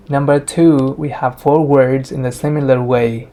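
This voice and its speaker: A language teacher giving a lesson summary, sounding out each tone slowly and carefully. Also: medium pitch, little pitch movement, dark tone, faint music behind.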